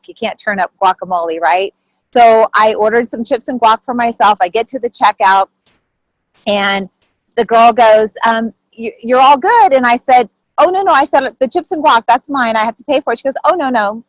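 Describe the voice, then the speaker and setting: A woman shares a personal story over a video call. Her voice sits a little high and sounds close and dry. She tells it in a lively way, acting out quoted lines with sudden leaps in pitch. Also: no room sound, low-quality recording. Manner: animated, acts out quoted voices with big pitch jumps. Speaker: group member sharing a story.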